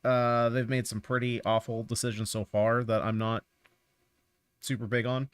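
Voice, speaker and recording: A man's voice: mid-range voice, flat delivery, normal speed, clean tone, no room sound. A man streaming a game, chatting casually and offering rambling, opinionated thoughts as he plays. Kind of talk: casual chat while playing a game.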